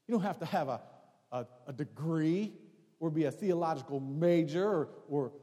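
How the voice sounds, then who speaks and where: A male pastor delivers a sermon in a high voice, pressing points with rising emphasis and then falling to quiet storytelling. His words ring out with a long reverb in a church sanctuary. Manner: preaching with rising emphasis, drops to hushed tones for stories.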